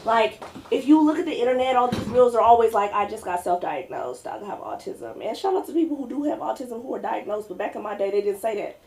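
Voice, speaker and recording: A woman's voice: a little high, quick pace, a little mellow, slight background noise. A woman hosting a stand-up open mic, chatty and playful, laughing at her own jokes. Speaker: comedy open mic host. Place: comedy club open mic.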